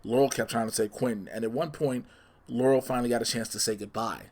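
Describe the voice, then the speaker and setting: A man's voice: medium pitch, fairly even intonation, fast talker, a little mellow. A man hosting a solo podcast, chatting casually and in a scattered way. He often corrects himself and teases his listeners with spoilers. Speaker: podcast host.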